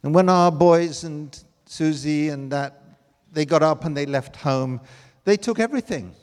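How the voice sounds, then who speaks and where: An older man preaching a sermon, telling personal stories with emotion that swings from loud to hushed. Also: on the high side, unhurried, in a large hall.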